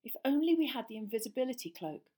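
Casting: woman reading a teenage boy wizard, earnest and pressing, voice pitched up. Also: expressive, quick pace, dark tone, close to an everyday voice. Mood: urgent.

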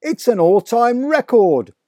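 A man reading aloud, voicing an excitable father in a children's storybook who exclaims in wonder. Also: fairly high pitch, slow pace, no echo, clean studio sound, pitched above the performer's own voice. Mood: awed. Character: excitable delighted adult father.

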